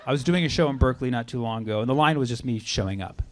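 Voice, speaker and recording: A man's voice: mid-range voice, racing. A man doing a stand-up comedy set on a club stage, riffing with the audience and punching up his lines. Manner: conversational, riffing with the crowd, loud punchlines. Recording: live club recording with crowd noise and laughter.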